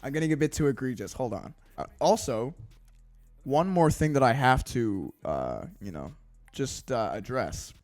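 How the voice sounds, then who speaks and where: A young British man putting on an American accent, ranting to camera in a rambling, stammering way, swearing and mocking himself deadpan. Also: medium pitch, moderate pace, dry recording, studio quality, faint music behind. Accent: put-on American. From Britain. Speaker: YouTuber. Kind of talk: casual rant to camera. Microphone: desk studio microphone.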